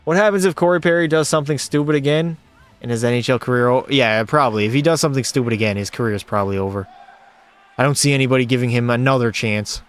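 A man's voice: mid-range voice, fast, clean tone. A man streaming a hockey video game, calling the plays and chatting with his viewers. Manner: excitable play-by-play, talks to chat. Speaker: gaming streamer. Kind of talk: live gameplay commentary. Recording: faint music behind the voice.

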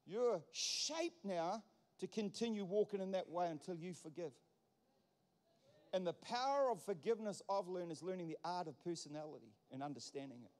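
A man's voice: high voice, darkish tone. A man pastor preaching a sermon, emphatic and repetitive, building points through wordplay. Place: church hall. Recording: long church hall reverb.

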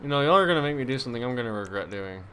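Young dude commentating a game, animated and jumpy, cusses a lot and laughs at stuff. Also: male voice, mid-range voice, racing, clean tone. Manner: animated, swears freely, laughs and reacts loudly. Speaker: gameplay commentator. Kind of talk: casual gaming commentary.

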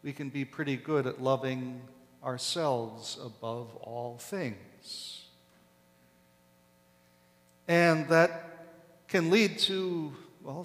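A man preaching a sermon as pastor, slow and deliberate, leaning hard on key words. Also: on the high side. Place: large church sanctuary. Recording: long echo of a church hall.

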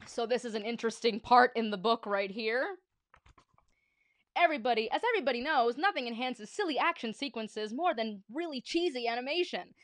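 A woman's voice: a little high, fairly quick, no room sound. A woman reading a children's book aloud on a livestream, with playful, chatty asides.

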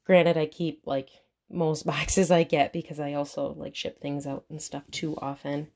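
A woman with a Midwestern accent talks through an unboxing on her home vlog, her voice sitting slightly low. She gushes and gasps in excitement, filmed on a camera set up on a tripod. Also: a little slow. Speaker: vlogger.

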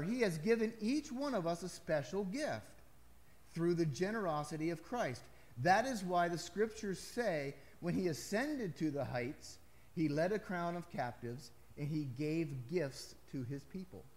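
Emphatic, fairly high-voiced male pastor. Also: a little mellow. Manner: conversational preaching with emphatic rises and asides. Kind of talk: sermon.

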